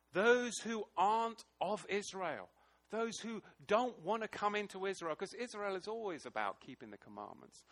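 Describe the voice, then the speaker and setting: A man preaching a sermon to a small congregation, passionate and emphatic, moving between loud declaiming and hushed, emotional asides. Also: sits high.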